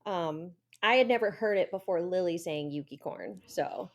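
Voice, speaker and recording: A woman's voice: fairly low pitch, moderate pace. Chatty woman, a runner, telling stories. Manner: chatty storyteller with frequent ums and laughs. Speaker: guest runner. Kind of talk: casual chat.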